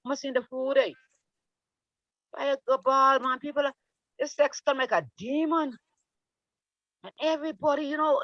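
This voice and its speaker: A woman's voice: medium pitch, a bit bright, no echo. Woman preaching over a dull line. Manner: preaching, repetitive, emphatic. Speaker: study group speaker. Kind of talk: impassioned religious talk.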